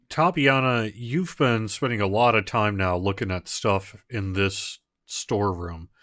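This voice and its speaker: A man narrating as game master of an online tabletop game, in a relaxed, halting way. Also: lowish voice, no echo, studio quality. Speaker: dungeon master.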